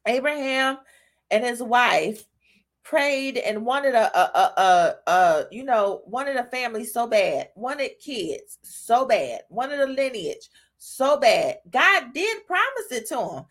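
On her podcast, a woman delivers a conversational devotional, addressing listeners directly with "y'all" and "right?" as she becomes emotional. She's on the high side, very animated and a bit bright, and she takes it slowly.

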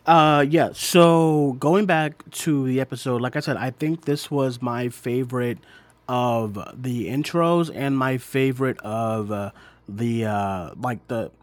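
A man in his twenties co-hosting a podcast, chatting in an animated way with laughs and quick asides. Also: medium pitch, no room sound. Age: 20s. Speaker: podcast co-host. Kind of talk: casual chat.

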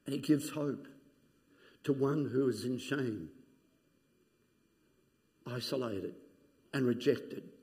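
Slow, dramatic preacher in a reverberant hall. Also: male voice, mid-range voice. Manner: dramatic storytelling, dropping to hushed quotes. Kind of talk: sermon.

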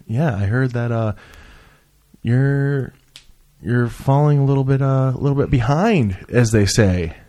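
A man's voice: mid-range voice, measured pace, mellow. Profane, teasing podcast host man. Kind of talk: casual comedic podcast chat.

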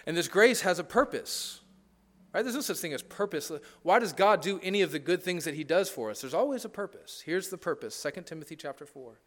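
A man with a high speaking voice delivers a sermon as pastor. His delivery is conversational yet emphatic, and he often checks in with the congregation. He builds each point through stacked parallel phrases. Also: expressive, quick pace, a bit bright.

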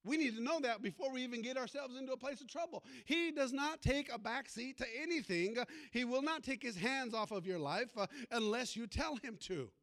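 A man's voice: extremely high pitch, lively intonation, fairly quick, hardly any pauses, a bit bright. A male pastor preaching a sermon, telling a story and calling out to the congregation for amens. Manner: storytelling preacher with call-and-response.

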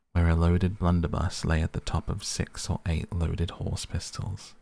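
A man narrating a classic novel as an audiobook in a measured, steady way. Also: low-pitched, creaky. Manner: measured, even storytelling.

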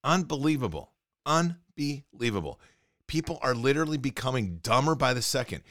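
Angry sarcastic guy ranting about the news on his show, sharp bright voice, dry close sound. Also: mid-range voice, expressive, fast, dry recording. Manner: indignant, sarcastic, reads news items aloud. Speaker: commentary show host. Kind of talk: ranting political commentary.

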